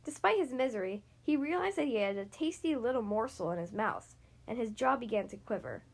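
A woman reading a children's picture book aloud, slowly and expressively. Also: fairly high pitch, lively intonation, vocal fry. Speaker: reader.

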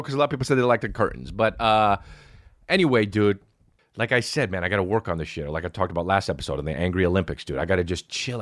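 A man hosting a podcast, rambling in a profane casual monologue and jumping into loud, high-pitched outbursts. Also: dry recording, studio quality. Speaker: podcast host.

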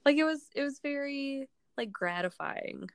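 A woman's voice: high-pitched, lively intonation, moderate pace, dry recording. Chatty young woman with a dry close sound. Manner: chatty, rambling, laughs often. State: voice recovering after illness. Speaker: podcast co-host. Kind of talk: casual book club chat.

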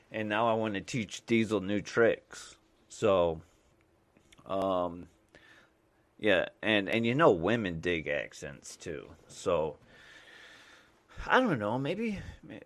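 A man from the United States, a mailman and podcast host, rambling casually with lots of fillers and restarts. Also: on the low side.

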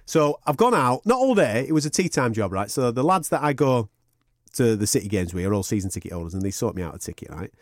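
A man's voice: mid-range voice, very animated, quick pace, dry recording, clean studio sound. A man co-hosting a podcast, telling a long anecdote in casual, sweary banter. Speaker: podcast co-host.

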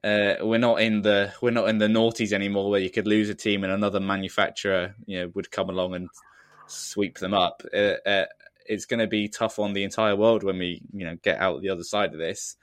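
Low-voiced man rambling casually. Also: little pitch movement, a little fast, no room sound, studio quality. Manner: rambling, self-deprecating, laughs often. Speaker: podcast co-host. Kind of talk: casual chat.

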